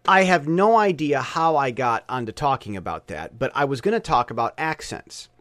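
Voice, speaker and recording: A man's voice: medium pitch, normal speed, no room sound, clean studio sound. Guy rambling on his show, bouncy up and down voice, plugging shirts. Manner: rambling, animated, plugs merchandise. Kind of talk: casual rambling monologue.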